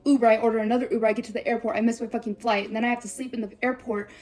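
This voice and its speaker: A woman's voice: on the high side, little pitch movement, a little mellow. Foul-mouthed young woman telling a story. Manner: blunt and profane, swears constantly; rapid run-on storytelling. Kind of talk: storytime vlog, recounting a breakup.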